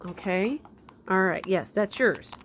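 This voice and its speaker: Woman, pet owner, casual and teasing; slow, mid-pitched, talks to animals like kids. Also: expressive, slight background noise. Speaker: pet owner filming her pets. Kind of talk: casual chat with pets. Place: at home.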